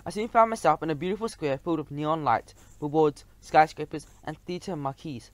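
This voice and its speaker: A man narrating a children's storybook audiobook in a lively, expressive way. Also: a little high, fairly quick, no room sound.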